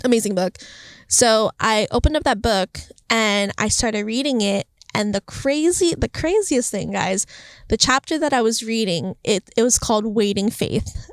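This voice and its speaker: A young woman hosting a casual faith podcast, talking in an excitable, chatty way with lots of fillers and laughter. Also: on the high side, normal speed, no echo. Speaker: podcast host. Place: outdoors on a hill near the beach. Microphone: camera.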